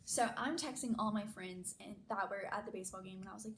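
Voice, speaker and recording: A woman's voice: mid-range voice, brisk, poor audio. Young woman, casual storytime vlog, chatty with lots of fillers, faint hum behind. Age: young adult. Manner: chatty, many "like" fillers, animated retelling. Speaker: vlogger.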